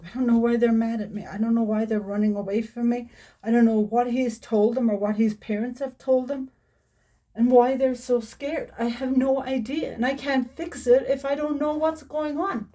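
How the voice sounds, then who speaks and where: A woman's voice: on the high side, fairly even intonation, normal speed, dark tone, no echo. A woman speaking a personal monologue to camera as a parent, upset and pleading, repeating herself.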